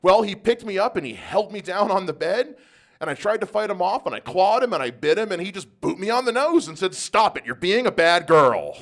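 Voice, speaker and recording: A man's voice: high-pitched, lively intonation, a little fast, voice pushed up. A man voicing a female house cat who testifies in court, plaintive and complaining about her owner. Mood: aggrieved.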